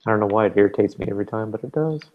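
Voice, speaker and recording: A man's voice: fairly low pitch, racing, narrow, tinny audio. A man co-hosting a casual gaming livestream, rambling and exasperated, stumbling over restarts as he rants. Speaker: livestream co-host. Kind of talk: casual chat while gaming.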